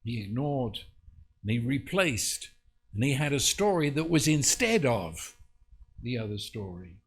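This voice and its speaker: Male preacher, slow, earnest, mid-pitched, builds to emphatic peaks. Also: sing-song. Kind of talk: webinar Bible teaching.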